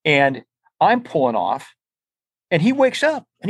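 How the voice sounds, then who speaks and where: A man's voice: fairly high pitch, huge pitch swings, a little slow, breathy edge, no echo. An older man, an interview guest, telling stories casually and rambling, with many restarts and repeated words. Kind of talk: casual storytelling.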